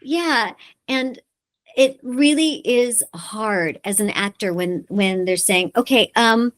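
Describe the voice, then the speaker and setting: Middle-aged woman, voice actor guest; animated, laughing storyteller in casual interview. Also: medium pitch, slow pace. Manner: lively storyteller who acts out dialogue and laughs often.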